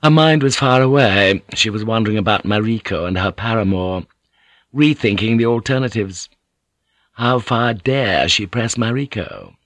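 A man reading an audiobook novel aloud in a measured, expressive narration. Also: on the low side, dry recording.

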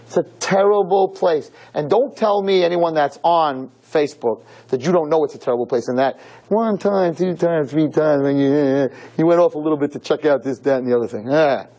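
A man's voice: normal speed, warm tone, low-quality recording. A man giving a lecture as a rabbi to a room of girls, emphatic and preachy, full of rhetorical questions and repetition. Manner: pitch swings widely, jumping high on key points. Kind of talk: sermon-style lecture to a live audience.

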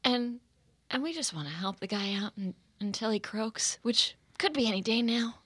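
Brief: woman playing a cheeky cockney maid, bright and husky, brash and blunt. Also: on the high side, lively intonation, normal speed, no echo. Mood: confiding. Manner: brash, blurting "oi". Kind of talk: improvised comedy scene.

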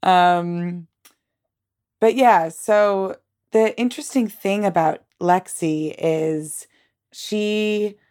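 A woman's voice: medium pitch, extremely slow, a little mellow, clean tone. A woman podcast host in casual chat, talking in a chatty way with many fillers and frequent laughs.

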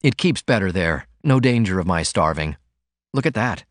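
A man's voice: low-pitched, lively intonation, moderate pace, dry recording, studio quality. A man voicing an eager, earnest young writer. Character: poor, ardent young male writer. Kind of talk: audiobook character voice.

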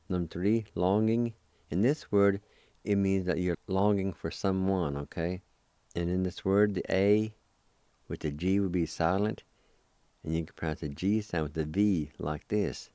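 A man's voice: deep voice, a little slow, dark tone, no echo. A man teaching a language lesson, spelling and pronouncing words syllable by syllable with patient repetition. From Oklahoma, United States. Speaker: language teacher and radio host. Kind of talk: slow spoken vocabulary lesson.

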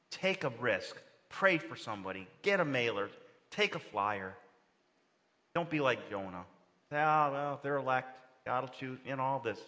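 A male pastor preaching a sermon, animated, acting out quoted lines with big swings in pitch. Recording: long reverb of a large hall.

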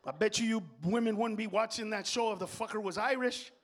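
Loud, crude stand-up comic man. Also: high voice, a little fast. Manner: crude, loud, jumps into impressions. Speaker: stand-up comedian. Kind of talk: stand-up comedy. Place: comedy stage before a live audience.

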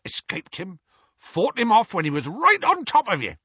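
A man voicing a big, gruff, rough-spoken half-giant man who growls his words. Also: sits high, huge pitch swings, normal speed, sharp tone, no room sound, lo-fi sound, pitched above the performer's own voice, exaggerated voice.

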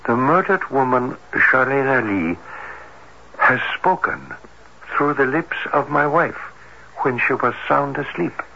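Casting: a hesitant, formal doctor, bright clear tone, dull old radio sound with faint hiss. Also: male voice, medium pitch, lively intonation, takes it slowly, full character voice. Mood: earnest. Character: cautious, formal male doctor, a man of science. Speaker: cardiologist. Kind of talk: 1970s radio drama acting.

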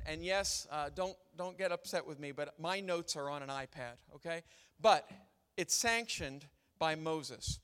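A man's voice: high-pitched, a bit bright, big-room sound. A young man preaching a sermon, mixing funny family stories with scripture reading. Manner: storytelling with humor, then reading scripture.

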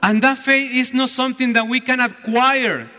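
A man's voice: extremely high pitch, fairly even intonation, moderate pace, sharp tone. A man preaching a homily as a deacon, telling the story animatedly and acting out the voices. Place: church. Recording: echoey church hall.

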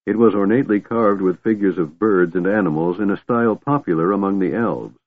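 Man reading a fantasy audiobook, really deep voice, sounds like over a phone. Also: brisk. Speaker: audiobook narrator. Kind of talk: scripted narration. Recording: thin phone-like dry recording.

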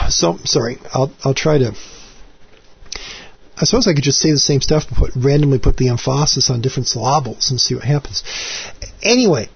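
A man in his forties with a husky, slightly breathy voice hosts his own podcast alone. His pitch swings widely as he rambles, stops mid-thought and pokes fun at himself. The sound is dull and lo-fi. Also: animated, brisk, long pauses. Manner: rambling, self-deprecating, with many restarts and asides. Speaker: podcast host. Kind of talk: casual solo podcast monologue.

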